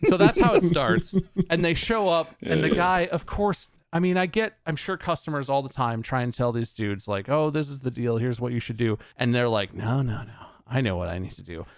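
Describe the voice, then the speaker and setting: A podcast host with a mid-range voice tells an exasperated, sarcastic story fairly quickly in casual chat, swearing freely and laughing as he goes. There's no echo.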